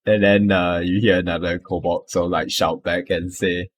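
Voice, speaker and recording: A man narrating as game master of a tabletop game, halting and laughing often. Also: low-pitched, flat delivery, slightly rough, no echo.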